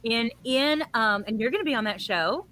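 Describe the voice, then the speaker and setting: A woman with a bright, slightly high voice. She hosts a music radio show and teaches singing. She coaches with animated energy and laughs easily. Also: normal speed. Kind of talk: casual chat.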